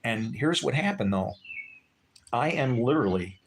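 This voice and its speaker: A man's voice: medium pitch, expressive, moderate pace, slight background noise. A man telling a rambling personal story on his vlog, chatty and loose, full of asides that check in with the listener. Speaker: vlogger.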